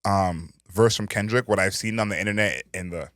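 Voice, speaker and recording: A man co-hosting a podcast, thinking out loud and weighing his points. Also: fairly low pitch, fairly quick, dry recording, studio quality. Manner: thoughtful, weighs points with restarts and hedges. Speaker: podcast co-host. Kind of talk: casual chat.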